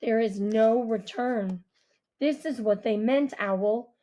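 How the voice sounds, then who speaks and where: Picture a brooding young man in a storybook reading, his words low, slow and held back, as a woman reader puts him on. The voice sits a touch higher than most men's, and it carries a guarded, quiet weight. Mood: grave.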